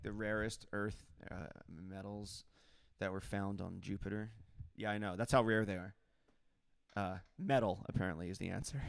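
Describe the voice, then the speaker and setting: A man's voice: medium pitch, smooth, no echo, clean studio sound. Laid-back man chatting on a livestream. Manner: relaxed and joking, laughing often. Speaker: saxophonist hosting a livestream. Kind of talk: casual livestream chat answering viewer comments.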